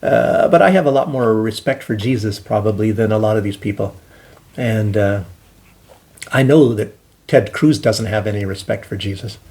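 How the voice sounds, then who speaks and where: Older guy with a gravelly voice rambling on about the news, lots of stops and restarts. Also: lowish voice, normal speed, a little mellow. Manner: rambling, hesitant with many restarts. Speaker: commentary channel host. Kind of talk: casual solo commentary.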